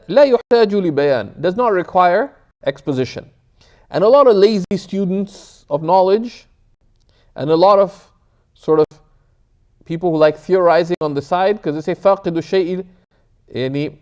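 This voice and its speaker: A middle-aged man teaching a class, reading Arabic text quickly and explaining it in English, often checking with "right?", with classical Arabic pronunciation of the terms. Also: sits high, darkish tone. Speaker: teacher of Islamic theology.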